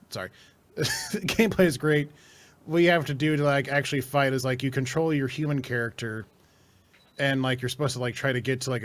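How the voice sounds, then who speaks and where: A young man chatting casually on a podcast, rambling with many fillers, swearing and laughing often. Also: mid-range voice. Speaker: podcast co-host.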